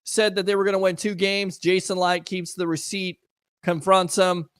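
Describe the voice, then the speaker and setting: A man's voice: high voice, little pitch movement, moderate pace, fairly bright tone, smooth, no echo, clean studio sound. A man hosting a casual sports talk show, riffing sarcastically and chatting with listeners.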